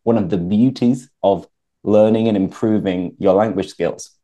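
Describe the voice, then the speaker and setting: Guy hosting a chat for learners, mellow low voice, keeps asking questions. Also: normal speed. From England. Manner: chatty, asks prompting questions. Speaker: host, English teacher. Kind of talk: slow clear conversation for learners.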